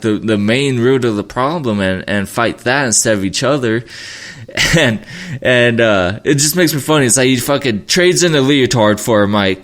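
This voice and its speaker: A man's voice: medium pitch, fairly bright tone. Rambling, profane young male podcaster. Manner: rambling and profane, with many restarts. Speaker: podcast host. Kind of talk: casual solo podcast chat.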